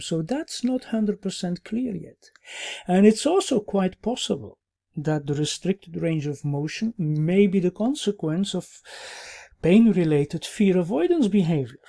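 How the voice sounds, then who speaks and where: A man teaching a recorded clinical course, explaining at an even pace with many "uh" pauses and checking "yeah?" tags. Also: high-pitched. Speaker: orthopaedic medicine instructor.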